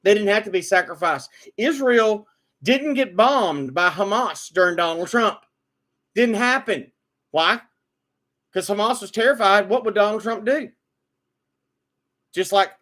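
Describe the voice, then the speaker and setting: High-voiced man ranting with stammered restarts. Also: a little slow, long pauses, a bit bright. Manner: repetitive stammering restarts, rising to emphatic outbursts. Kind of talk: opinionated monologue.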